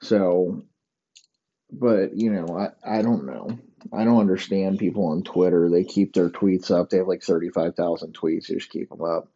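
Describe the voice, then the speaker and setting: A man's voice: deep voice, fairly even intonation, moderate pace, dark tone, lo-fi sound. A man hosting a solo comedy podcast, rambling and provocative, swearing constantly. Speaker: podcast host.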